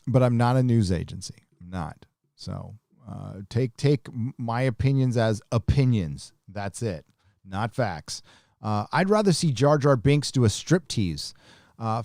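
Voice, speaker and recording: A man's voice: mid-range voice, gravelly, warm tone, no room sound, clean studio sound. A man hosting a live stream, chatting casually and reading viewer comments in a blunt, profane, rambling way.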